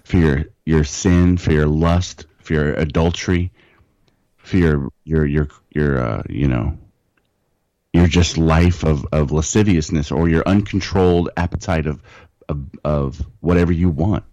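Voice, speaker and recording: Man, very deep voice, dry sound, emphatic preachy co-host. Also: measured pace, warm tone, no echo, muffled recording. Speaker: podcast co-host. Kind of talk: casual bible talk.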